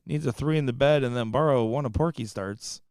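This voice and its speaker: A young man doing live darts commentary from a booth, fast-talking and jokey, laughing often. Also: mid-range voice, a little mellow, smooth, no echo, clean studio sound. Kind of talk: live sports commentary with banter.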